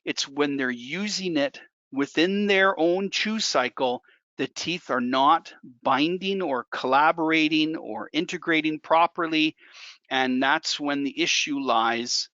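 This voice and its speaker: A man's voice: on the high side, slow pace, sharp tone, no echo. A man working as a dental technician instructor, walking through a hands-on demonstration in a conversational way and repeating key points for emphasis. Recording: dull dry lo-fi recording.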